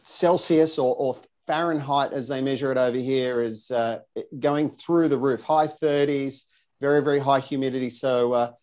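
A man's voice: medium pitch, steady tone, moderate pace, darkish tone. A man co-hosting a casual podcast, full of teasing banter. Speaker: podcast co-host. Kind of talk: casual interview chat. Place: New York City.

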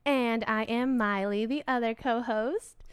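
Young female co-host, candid and rambling, high-ish voice, dry close recording. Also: measured pace, clean tone, no room sound. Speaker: podcast co-host. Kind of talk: casual chat.

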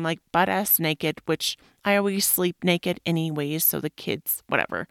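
Frank, animated woman podcaster, dry close mic. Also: lowish voice, no echo. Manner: frank and animated, swears casually, leans on "like" fillers. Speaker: podcast host. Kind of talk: candid personal monologue.

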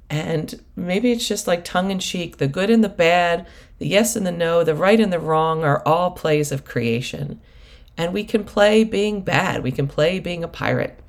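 Middle-aged woman, deep voice, gravelly fry, rambling casual storytelling with asides. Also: animated, unhurried. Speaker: prosperity coach and host. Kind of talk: casual spoken monologue.

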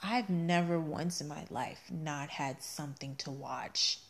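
Female podcast co-host, chatty and opinionated, slightly low voice. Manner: chatty, opinionated, quick to tease. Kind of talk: casual podcast chat.

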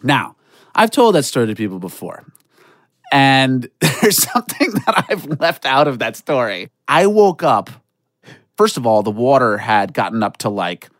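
Animated man telling a wild story. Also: medium pitch, a little slow, no room sound, studio quality. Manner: animated, acts out voices with shouts and laughter. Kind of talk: comedic storytelling on a podcast.

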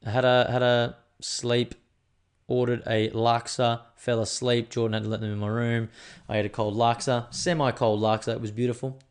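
Man, podcast host, casual chat, rambling, swears a lot, mid pitch. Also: flat delivery, moderate pace, clean tone. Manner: rambling, chatty, swears freely.

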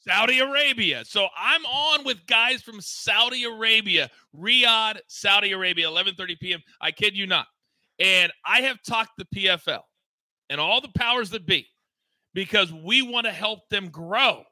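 A man's voice: high voice, moderate pace, bright, forceful tone, no echo. A man hosting a live sports betting show, talking in a hyped, emphatic, promotional way. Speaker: host.

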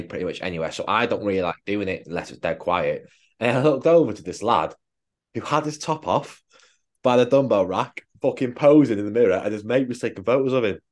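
A man co-hosting a podcast, a fitness coach chatting casually and swearing bluntly. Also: fairly low pitch. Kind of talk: casual chat.

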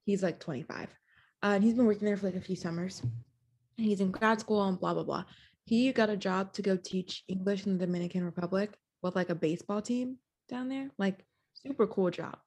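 A woman in her twenties co-hosting a podcast, telling stories in a chatty, animated way with lots of "like". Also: medium pitch, a little fast, husky. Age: 20s. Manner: chatty, animated storytelling with frequent "like". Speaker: podcast co-host. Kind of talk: casual chat.

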